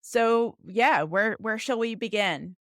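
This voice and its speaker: A woman hosting a podcast, welcoming her guest warmly. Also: a little high, takes it slowly, no echo, clean studio sound. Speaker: podcast host. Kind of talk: podcast intro and interview. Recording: intro over music.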